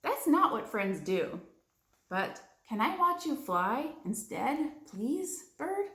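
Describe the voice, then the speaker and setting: A woman's voice: fairly high pitch, very animated, slow, sharp tone, echoey room, pitched above the performer's own voice, full character voice. A woman doing a hesitant, kindly cat. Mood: gentle. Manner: hesitant, stammering.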